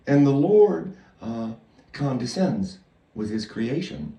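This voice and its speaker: Hushed-to-excited rambling male preacher. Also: medium pitch, reverberant, far from the mic, slight background noise, low-quality recording. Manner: swings from hushed, halting prayer to loud, excited storytelling. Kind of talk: rambling sermon.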